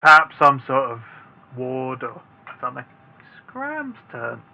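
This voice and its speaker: A man narrating a tabletop game as dungeon master, relaxed and hesitant, with many filler sounds. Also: mid-range voice, slow, gravelly, low-quality recording.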